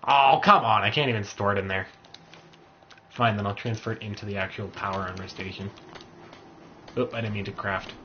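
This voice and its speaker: A man's voice: lowish voice, flat delivery, brisk, long pauses, bright, forceful tone, dull audio, slight background noise. A man playing a video game with a friend, chatting casually and reading menu text aloud. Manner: chatty, reads game menus aloud, self-mocking. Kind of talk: casual let's-play commentary.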